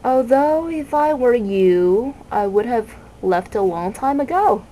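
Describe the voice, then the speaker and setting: A woman's voice: a little high, lively intonation, slow, mellow, a little hiss or hum, poor audio. A woman voicing a malicious, haughty male bird who mocks with wordplay, in a storybook reading. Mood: mocking. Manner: mocking, wordplaying taunts.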